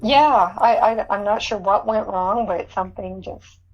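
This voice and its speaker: An unhurried woman with a medium-pitched voice tells her own story on an interview podcast, and the audio has its highs cut off. She speaks earnestly, laughing often and repeating words.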